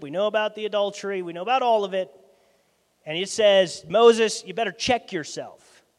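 A male pastor preaching a sermon in a lively, conversational way, his loudness swinging from soft asides to sudden bursts. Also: high-pitched. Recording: long hall reverb.

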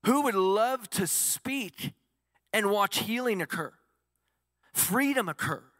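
A man's voice: high-pitched, expressive, slow pace, a bit bright, dry recording, clean studio sound, big-room sound. A male pastor preaching a sermon, asking the congregation questions and answering them himself.

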